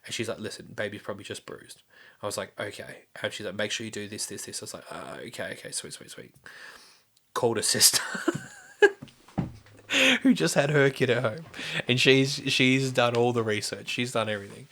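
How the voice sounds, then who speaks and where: Young man, podcast host, lowish pitch, bright forward tone, loose rambling storytelling with casual swearing. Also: quick pace, vocal fry. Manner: rambling, many restarts and fillers, swears casually.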